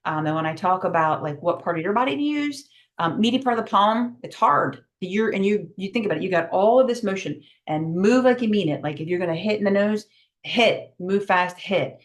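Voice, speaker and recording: A middle-aged woman giving a virtual safety training, brisk and emphatic with many fillers, over a video call. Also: mid-range voice, animated.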